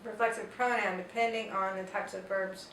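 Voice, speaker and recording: A woman's voice: mid-range voice, steady tone, moderate pace. A woman teaching a Spanish grammar lesson, explaining patiently and step by step with example sentences. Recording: roomy echo, distant mic, faint noise.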